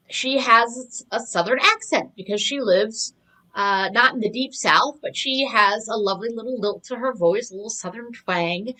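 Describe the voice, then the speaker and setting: A woman's voice: fairly high pitch, pushed and bright, rough recording. A middle-aged woman, a communication coach, giving a live online talk in a conversational, reflective way with personal stories.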